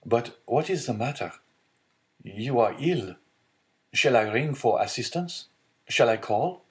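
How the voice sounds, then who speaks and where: A man's voice: medium pitch, animated, takes it slowly, voice pushed up. A man voicing an earnest, anxious young male sailor in a read-aloud storybook, in a slightly raised voice.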